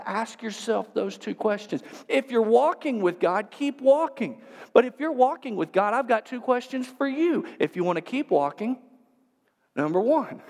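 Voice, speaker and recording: A man preaching a sermon as pastor, dropping to near whispers and then building to loud, emphatic repeated phrases. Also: high-pitched. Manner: swings from hushed, whispered lines to loud emphatic repetition. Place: church sanctuary. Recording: long reverb of a large hall.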